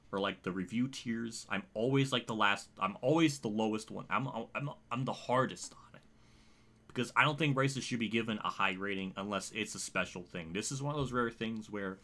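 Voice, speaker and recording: A man's voice: mid-range voice, pushed and bright. A man streaming a racing game, talking in a rambling, emotional way and swearing often. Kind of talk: emotional livestream commentary.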